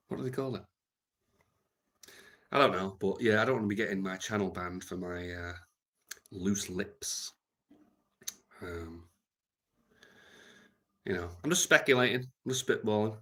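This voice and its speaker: A man rambling on his live stream, deadpan and meandering, with lots of ums and trailing thoughts. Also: low-pitched. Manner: meandering and deadpan, heavy with fillers.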